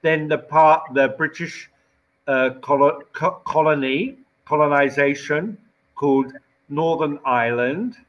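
A man teaching English in a casual online lesson, explaining slowly and patiently with many fillers. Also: a little high, lo-fi sound.

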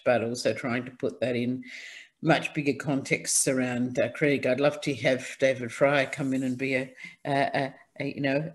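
Man, video call, rambling, many fillers and restarts, deep morning voice, mid pitch. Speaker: conference panel participant. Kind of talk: casual discussion on a video call.

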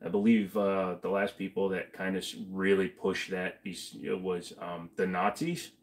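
A man's voice: sits low, little pitch movement, a little slow. A man hosting a casual livestream, reading chat aloud and answering viewers while feeling sick to his stomach. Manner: chatty, reads chat aloud, mumbles asides. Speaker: livestream host.

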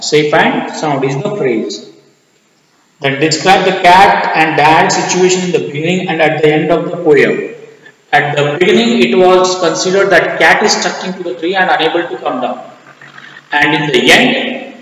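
A man's voice: high voice, fairly bright tone. A man with an Indian English accent teaching a school English class, explaining a poem word by word and asking and answering his own questions. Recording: echoey, reverberant room.

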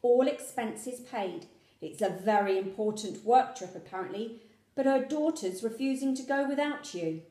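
A breathless working-class mum in a storybook, brisk and a bit bossy, as a woman reading aloud puts her on. She is pitched up and out of breath, and the voice stays mellow in an echoey room. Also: lively intonation, lightly acted.

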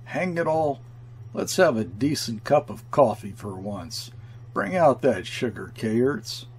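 A man voicing a brash, mocking European trading-post man who sneers and shouts. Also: medium pitch, expressive, slow, slight background noise.

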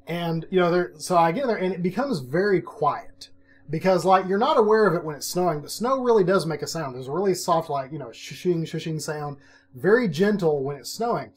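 Middle-aged male vlogger with a slightly high voice, casual storyteller, self-mocking and animated. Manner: animated, self-mocking, laughs often, acts out his own quotes. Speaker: vlog host telling a personal story.

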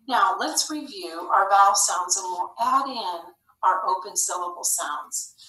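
Bright-voiced woman teaching phonics. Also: mid-range voice. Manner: slow, clear, encouraging classroom delivery. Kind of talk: phonics lesson for young children. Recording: echoey room, slightly far from mic.

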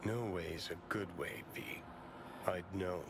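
A grim sardonic game ghost. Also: male voice, sits low, fairly even intonation, a little slow, background noise.

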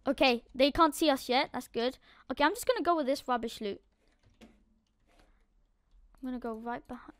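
A woman narrating her game play as she goes, excitable, swinging from quiet muttering to loud outbursts. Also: high voice, moderate pace, long pauses, clear, resonant tone, no room sound, studio quality. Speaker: gaming YouTuber. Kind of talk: live game commentary.

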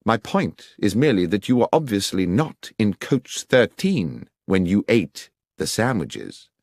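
A man voicing a brisk, incisive male detective in an audiobook, with crisp, precise diction. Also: fairly low pitch, sing-song, no room sound, studio quality, exaggerated voice. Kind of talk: audiobook character reading.

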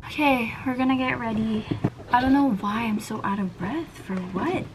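A woman's voice: a little high, normal speed, over loud music. A young woman chatting casually in a vlog, gushing and talking to viewers like friends. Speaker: vlogger. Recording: camera mic from a distance, noisy.

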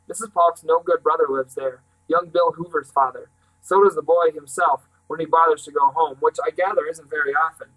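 A brisk, kindly old great-uncle from a storybook, clipped and fond in his speech, as a man reading aloud puts him on. The voice is bright, with a sharp edge. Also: on the high side, low-quality recording.

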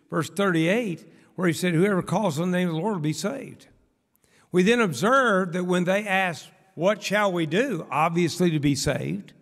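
An older man preaching a sermon in a church, folksy, with rhetorical questions and humorous asides. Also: sits high. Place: church sanctuary. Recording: long church reverb.

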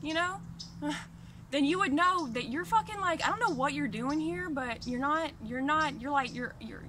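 A woman's voice: high-pitched, moderate pace, noisy background. A woman at home, ranting angrily and profanely to her camera in a heated, repetitive, confrontational way. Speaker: vlogger. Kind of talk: angry direct-to-camera rant.

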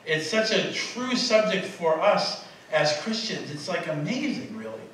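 A fairly high-voiced man delivers a sermon in a casual, chatty way, often stopping to fix his words and laughing with his listeners. He is recorded from a distance in a very reverberant church sanctuary, with faint room noise behind him. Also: big pitch swings, measured pace, a bit bright. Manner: conversational, self-correcting, laughing asides to the congregation. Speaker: preacher.

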